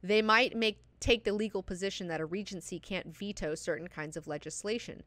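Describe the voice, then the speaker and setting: A woman reading the lines of a stern male warrior counselor aloud from a novel in a level tone, with her own bright voice. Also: medium pitch, brisk, no room sound, natural voice. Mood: earnest warning. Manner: read aloud from a book in a level tone.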